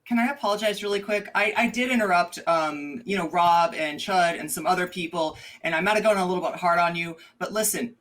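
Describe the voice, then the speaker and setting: Bright-voiced, impassioned woman. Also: lowish voice, a little fast, few pauses. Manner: emotional, profane, impassioned. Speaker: panel guest. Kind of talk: heated live-stream debate.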